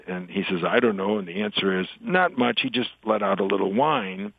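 A man's voice: fairly low pitch, brisk, gravelly, husky, dry recording, poor audio. An older man, an author, chatting in an interview and telling jokes like a storyteller. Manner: chatty storyteller, animated in punchlines. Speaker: author and guest.

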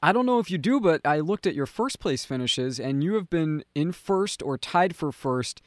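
A man's voice: a little high, expressive, normal speed, dry recording, clean studio sound. A male radio interviewer who asks curious, easygoing questions.

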